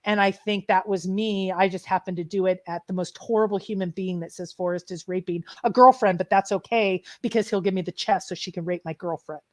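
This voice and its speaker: A woman co-hosting a treasure hunt livestream, retelling events in an emotional, animated way with many restarts. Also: mid-range voice, fairly quick, hardly any pauses. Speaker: treasure hunt show co-host. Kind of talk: casual livestream chat, storytelling.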